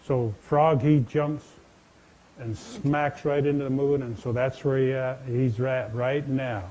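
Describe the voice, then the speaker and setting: Folksy male storyteller with a mellow voice. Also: mid-range voice, fairly even intonation, unhurried, low-quality recording. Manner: folksy, conversational, addresses listeners directly. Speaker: storyteller and speaker. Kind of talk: telling traditional legends to an audience. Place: stage in a large indoor venue.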